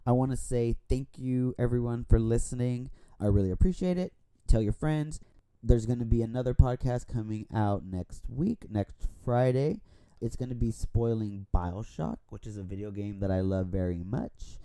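Man, tipsy podcast host, rambling, swears a lot, very warm dark tone, dry close sound. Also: mid-range voice, moderate pace, smooth, no echo. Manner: rambling and profane. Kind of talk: casual chat. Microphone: borrowed studio microphone.

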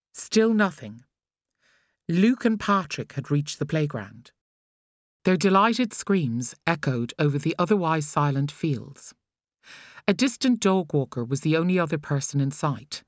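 Low-voiced Irish woman narrating an audiobook. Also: animated, unhurried, dry recording, studio quality. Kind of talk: scripted narration.

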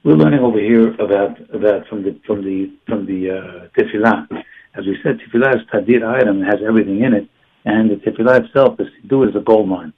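A man's voice: on the low side, fast, husky. A man teaching a religious class in an emphatic, repetitive way. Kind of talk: Torah class lecture. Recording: tinny phone-like sound.

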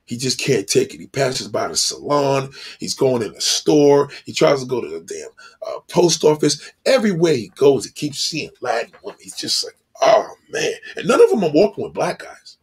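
A man delivering a blunt, profane monologue, animated and acting out the people he talks about. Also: mid-range voice, moderate pace, slightly rough.

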